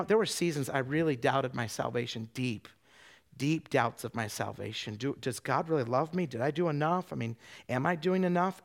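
A middle-aged man, an itinerant preacher, giving an animated sermon that swings from quiet and tender to loud, with many restarts of his words. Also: fairly high pitch.

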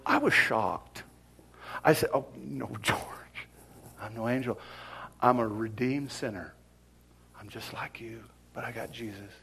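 A middle-aged man preaching a sermon, telling a personal story and swinging from whispers to loud exclaims. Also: mid-range voice, measured pace, creaky, long pauses, breathy edge.

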